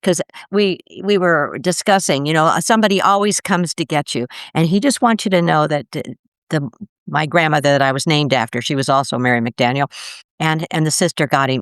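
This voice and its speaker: An older woman telling stories in a casual interview, animated and laughing, acting out the voices of people she quotes. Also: low-pitched, normal speed, dry recording, studio quality. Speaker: guest, near-death experiencer.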